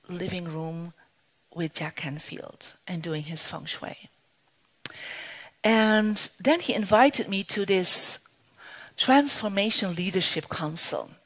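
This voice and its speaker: A woman's voice: mid-range voice, rough recording. A middle-aged woman from Belgium telling a personal story on stage, acting out the dialogue in it. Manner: animated, acts out quoted dialogue. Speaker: speaker.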